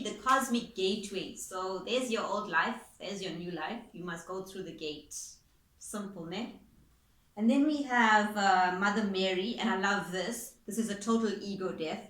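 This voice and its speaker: A woman's voice: mid-range voice, moderate pace, a bit bright. A woman giving a casual spoken tarot reading as its reader, chatty and informal, with the odd swear word. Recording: echoey room with faint ambience.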